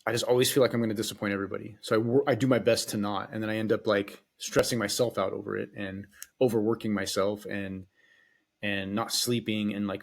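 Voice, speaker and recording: A man hosting a solo podcast, talking in a casual, rambling way, swearing freely and hesitating often. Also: fairly low pitch. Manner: rambling and profane, with frequent hesitations. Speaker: podcast host.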